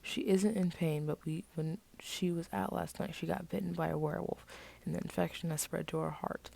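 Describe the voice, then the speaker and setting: A woman voicing a stern male vampire elder who speaks in a low, hushed tone while reading her story aloud. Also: steady tone, brisk, vocal fry, exaggerated voice.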